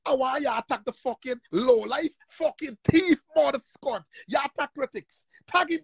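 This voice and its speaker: A man on a heated livestream rant, angry, profane and repetitive, often shouting. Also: very high-pitched, lively intonation, fairly quick, vocal fry, breathy edge, no room sound.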